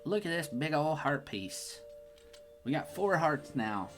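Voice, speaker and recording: A playful young man chats through a video game, teasing characters and laughing as he goes. His pitch swings widely and expressively, with quiet game music underneath. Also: big pitch swings, measured pace. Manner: joking, laughs often, playful outbursts. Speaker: gaming streamer. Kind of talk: casual let's-play commentary.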